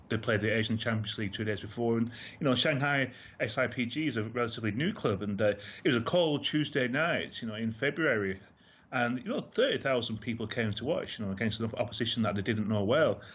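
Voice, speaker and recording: A man speaking as a football pundit on a radio phone-in. He talks in a measured way, stopping for fillers as he thinks. His voice comes through a dull, muffled remote line. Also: medium pitch, a bit bright, husky.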